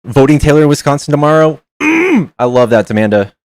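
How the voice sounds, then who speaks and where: A man's voice: on the high side, huge pitch swings, brisk, no echo. Profane male streamer on a dry mic. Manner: profane, reacting to chat and reading aloud. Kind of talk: casual livestream chat.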